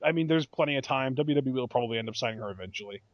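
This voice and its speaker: A man co-hosting a podcast in casual chat, conversational and measured, often hedging. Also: mid-range voice, dry recording, muffled recording. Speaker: podcast co-host.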